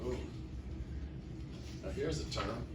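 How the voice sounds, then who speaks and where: A man's voice: medium pitch, takes it slowly, heavy background noise. A man teaching chemistry to a classroom, asking the class questions and answering them himself. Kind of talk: classroom lecture. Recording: echoey classroom from far off.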